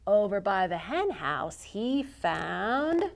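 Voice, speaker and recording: A children's librarian hosting a storytime, reading picture books and rhymes aloud for little ones. She speaks slowly and carefully. Her delivery is expressive and animated, with a middle-range pitch. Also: gravelly.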